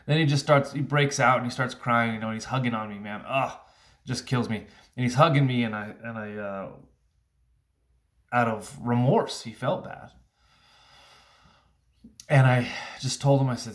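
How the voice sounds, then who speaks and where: A man in his thirties, a single father, talking earnestly in a casual vlog, halting and restarting often with fillers. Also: medium pitch, steady tone, a bit bright. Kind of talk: casual reflective vlog monologue.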